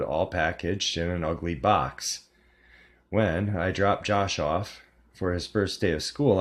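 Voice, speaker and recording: A man narrating a horror story in a calm, measured way. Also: low voice.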